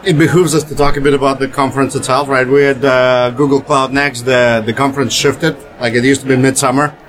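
A man's voice: medium pitch, little pitch movement, brisk, fairly bright tone, soft background music, rough recording. A man co-hosting a casual podcast chat from a booth at a conference, talkative and repeating words as he gets going. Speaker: podcast co-host.

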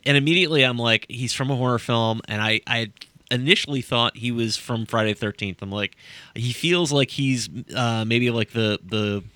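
A man on a casual movie podcast, speaking haltingly and trailing off as he searches for names. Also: mid-range voice, bright, forceful tone, no room sound. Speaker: podcast co-host.

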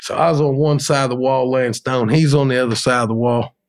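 A middle-aged man, a podcast guest telling work stories in a colloquial, animated way. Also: medium pitch, brisk. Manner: colloquial, animated storyteller acting out quotes. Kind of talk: casual storytelling in an interview.

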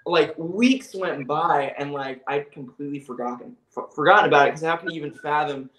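A man in his twenties telling stories as a guest in an interview, animated and laughing often. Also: fairly high pitch, a little fast. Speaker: guest musician. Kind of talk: casual interview storytelling. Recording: echoey room.

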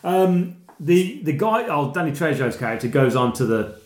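A man's voice: on the high side, very animated, normal speed, roomy sound. A man in casual film chat, retelling movie scenes and acting out the quotes.

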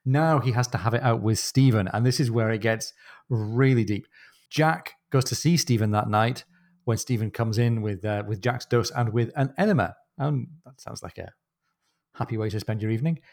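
A man's voice: mid-range voice, moderate pace, darkish tone. A man co-hosting a podcast who talks through a novel with wry, thoughtful comments. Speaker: podcast co-host. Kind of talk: casual book discussion.

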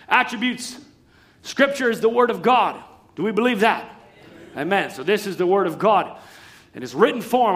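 A man with a high-pitched voice preaching a sermon. He is emphatic, rising to loud declarations and dropping to quiet asides.

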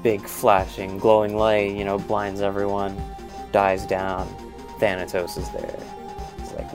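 Deep gravelly man telling a story. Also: flat delivery, unhurried, over music. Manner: rambling, loose, profane. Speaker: podcast co-host. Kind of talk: casual improvised storytelling.

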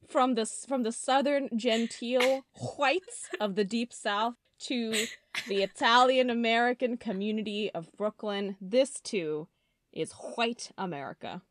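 A woman's voice: on the high side, unhurried, no echo. Dry-humored woman podcast co-host. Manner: dry, playful humor with many fillers. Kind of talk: casual chat.

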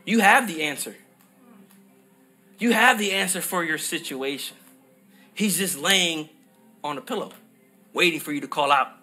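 Bright high-voiced male preacher. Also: a little slow, pauses often, soft background music. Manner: emphatic, repetitive preaching cadence; rises to shouted peaks on scripture. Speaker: pastor. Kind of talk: sermon.

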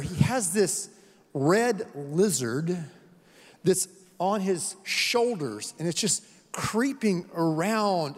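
A man's voice: sits high, long reverb tail. A man preaching a sermon, earnest and repeating words for emphasis as he tells a story. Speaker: pastor.

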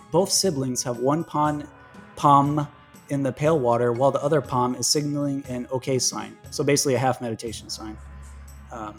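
A man narrating a comic story with playful, casual delivery and laughs between lines. His pitch sits at a medium, everyday level. Faint music plays underneath.

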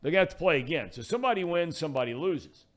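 An American man hosts a sports talk show with a slightly raised pitch. He jokes, riffs and jumps in with sudden excitement, often restarting his sentences. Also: racing. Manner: joking, excitable, lots of restarts. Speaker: sports radio host.

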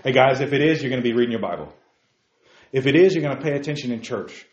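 A man's voice: mid-range voice, lively intonation, quick pace, echoey room, lo-fi sound. A man preaching a sermon to young men, with repeated calls of "hey guys" and sudden emphatic peaks.

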